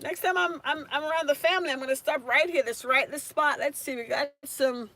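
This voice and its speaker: A woman's voice: sits high, steady tone, brisk, sharp tone, slight background noise. A woman tutoring nursing students on a casual live stream, chatting and answering viewers' comments by name.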